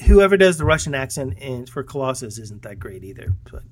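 A man's voice: medium pitch, big pitch swings, a little fast, a little hiss or hum. Rambling, chuckly man recapping a movie. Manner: rambling, many fillers and restarts, chuckling. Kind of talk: casual movie recap chat.

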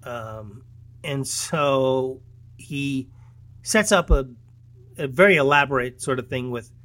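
A man's voice: medium pitch, slow pace, a bit bright. A man in casual chat, retelling a film's plot in a rambling way with many fillers, restarts and chuckles. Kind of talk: casual movie recap chat.

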